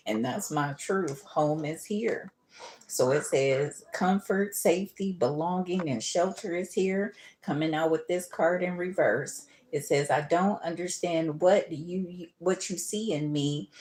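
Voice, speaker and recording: Woman, tarot reader, chatty, laughs a lot, lowish voice, faint background noise. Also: slow, a little mellow. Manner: chatty, laughs often, calls listeners boo and baby. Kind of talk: casual tarot reading livestream.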